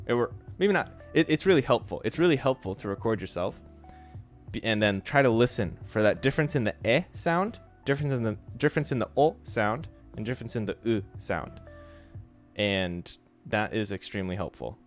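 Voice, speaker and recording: A man streaming a casual Japanese study session, talking in a relaxed, chatty way and sounding out pronunciation examples aloud. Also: on the low side, brisk, soft background music. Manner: frequent fillers like "like" and "so". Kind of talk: casual instructional livestream.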